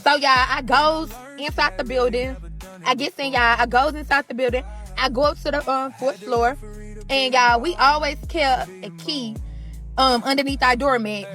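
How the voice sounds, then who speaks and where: A woman's voice: high voice, steady tone, normal speed, pushed and bright, soft background music. Chatty St. woman telling a story. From St. Louis, USA. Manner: chatty, profane, keeps addressing the audience as y'all. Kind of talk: casual storytime monologue.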